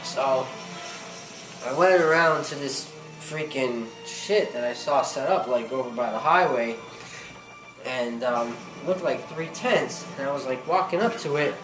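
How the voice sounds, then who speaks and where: A man's voice: medium pitch, unhurried, distant mic, music in the background. A man doing stand-up, telling a long profane story in rambling slang. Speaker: stand-up comedian. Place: comedy club stage with audience. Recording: roomy club with crowd noise.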